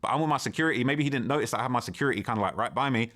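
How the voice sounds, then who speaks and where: Fast-talking man retelling a story. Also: mid-range voice. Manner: animated retelling, slangy, acts out quotes. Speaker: interview guest. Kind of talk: casual storytelling in an interview.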